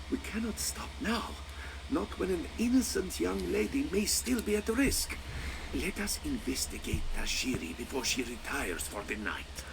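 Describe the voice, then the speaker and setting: A man's voice: a little high, full character voice. An actor voicing an earnest male cat-folk detective in a video game, formal and speaking of himself in the third person. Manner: formal, refers to himself as "this one". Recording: game audio with clear background noise.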